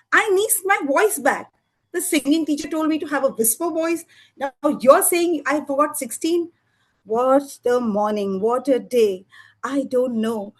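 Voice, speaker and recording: A woman's voice: high-pitched, low-quality recording. A woman doing a sulky, dramatic schoolboy. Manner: dramatic self-pitying complaints. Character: gloomy young schoolboy having a bad day.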